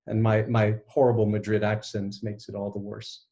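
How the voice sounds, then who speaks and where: A man with a fairly low voice gives a conference presentation from a video call. He talks in a relaxed, self-deprecating way and jokes easily as he goes. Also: moderate pace, muffled recording. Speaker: guest speaker.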